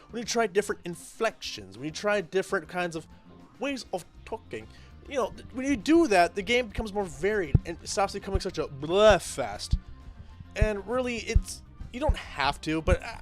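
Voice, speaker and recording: A man hosting and commenting on role-play stories in casual, emphatic talk, repeating himself for effect. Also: sits high.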